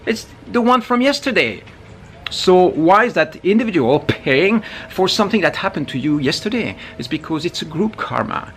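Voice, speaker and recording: A man talking casually to camera as a spiritual teacher, animated, with frequent asides and restarts. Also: high-pitched.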